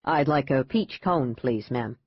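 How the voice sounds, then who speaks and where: A man's voice: medium pitch, animated, measured pace, slightly rough, dry recording, pitched below the performer's own voice. A woman reading an audiobook, voicing a persistent male private investigator who speaks in polite, clipped, probing lines. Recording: dull dry lo-fi audiobook.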